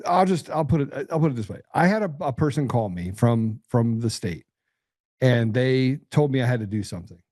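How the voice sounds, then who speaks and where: A man's voice: medium pitch, expressive, normal speed, darkish tone, dry recording, studio quality. A man hosting a political talk show, speaking bluntly and combatively, often repeating and restarting his words. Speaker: podcast host.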